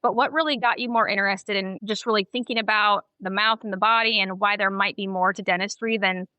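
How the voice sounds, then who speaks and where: Bright-voiced woman hygienist host. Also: mid-range voice, fairly even intonation, brisk, smooth, no room sound. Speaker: dental hygienist, podcast host. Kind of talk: casual interview conversation.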